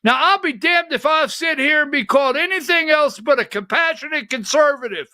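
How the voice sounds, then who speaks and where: Male political livestream host, very high voice, dry close sound, fiery profane ranting, shouted outbursts, middle-aged. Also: a little fast, dry recording. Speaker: political commentary show host.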